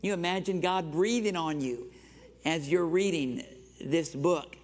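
A fairly high-pitched man preaching to his congregation and calling on them to repeat phrases back. His voice carries the long reverb of a large church hall. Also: a little slow. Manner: exhorting, has the congregation repeat phrases after him. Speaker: pastor. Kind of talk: sermon. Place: church sanctuary.

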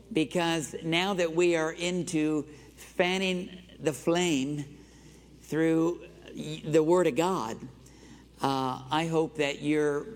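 Man preaching in an echoing church. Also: on the high side. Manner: exhorting, has the congregation repeat phrases after him. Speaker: pastor. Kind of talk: sermon. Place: church sanctuary. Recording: long reverb of a large church hall.

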